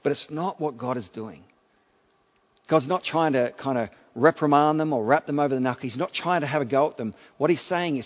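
A man with an Australian accent preaching a sermon in a relaxed, conversational way, with many fillers and restarts. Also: on the high side, fairly quick, dull audio. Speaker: pastor.

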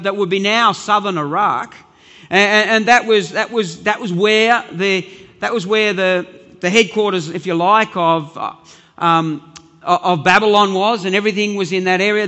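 A man's voice: high voice, sharp tone, in a large hall. A man preaching a sermon as pastor, earnest and emphatic, often repeating words as he builds his point.

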